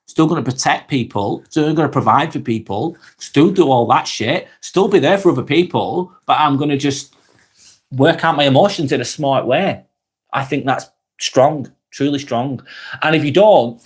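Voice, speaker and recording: A man hosting a live vlog, thinking out loud in casual chat and swearing freely as he restarts his sentences. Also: a little high, lively intonation, moderate pace, slightly rough. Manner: earnest, swears freely, many restarts and trailing phrases. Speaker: live vlog host reading chat comments.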